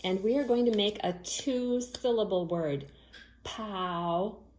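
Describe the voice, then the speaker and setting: A woman teacher giving a phonics lesson to young children, speaking clearly and patiently and spelling words out letter by letter. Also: medium pitch, moderate pace, a little mellow, echoey room, low-quality recording.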